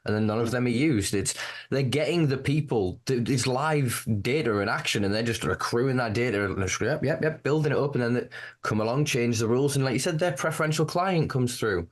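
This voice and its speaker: On a casual podcast chat, a male correspondent with a Northern English accent, from Northern England, rants passionately and profanely. He speaks a little fast at medium pitch.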